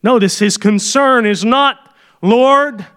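A man's voice: high-pitched, normal speed. A man preaching a sermon with fervor, sometimes dropping into folksy asides. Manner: fervent, acts out quoted prayers.

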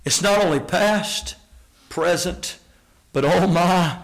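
A man preaching a sermon, reading scripture aloud, rising to shouted peaks and then dropping low and hushed. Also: slow, creaky, low-quality recording.

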